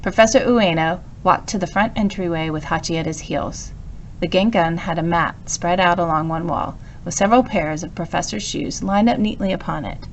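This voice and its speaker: A woman narrating a children's story, reading aloud in a calm, even manner. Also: fairly low pitch, moderate pace, lo-fi sound, a little hiss or hum. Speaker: storybook reader.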